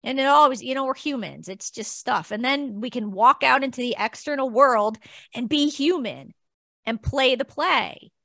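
A woman co-hosting a podcast, talking in an animated, encouraging way and laughing easily. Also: sits high, moderate pace, vocal fry, no echo, clean studio sound. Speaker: podcast co-host. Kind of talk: casual spiritual chat.

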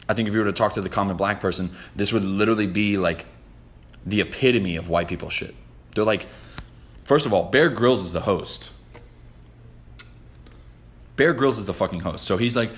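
A man hosting a podcast in casual chat, talking in a profane, rambling, excitable way. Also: lowish voice. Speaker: podcast host.

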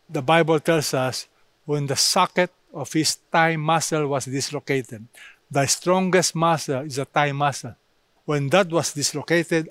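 Slow, emphatic male preacher. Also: a little high, no echo. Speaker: pastor. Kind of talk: sermon.

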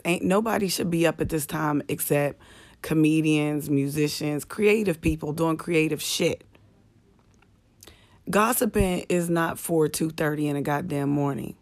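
A woman comedian and podcast host with a low, slightly manly voice, chatting and venting profanely while lying in bed in the dark on a phone. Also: unhurried, vocal fry. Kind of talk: casual late-night live chat. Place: bedroom in apartment at night, lying in the dark.

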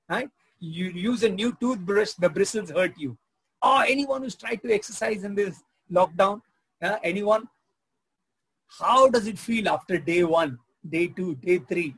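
A man's voice: high voice, fairly bright tone, slightly rough, rough recording. A man preaching a sermon as pastor, conversational, asking the audience questions and joking. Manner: conversational, asks the audience questions, tells jokes.

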